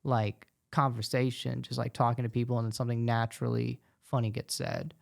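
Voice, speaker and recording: A man who is a stand-up comedian and guest, talking casually and animatedly, telling stories with quick asides. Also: medium pitch, little pitch movement, gravelly. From United States. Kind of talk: casual podcast conversation.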